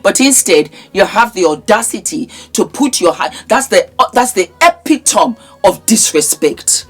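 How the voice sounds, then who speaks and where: A woman's voice: medium pitch, lively intonation, moderate pace, breathy edge. Woman, sore throat, indignant vlog commentary, scolding and emphatic, faint background music. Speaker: vlogger. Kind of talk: impassioned commentary monologue. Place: in England.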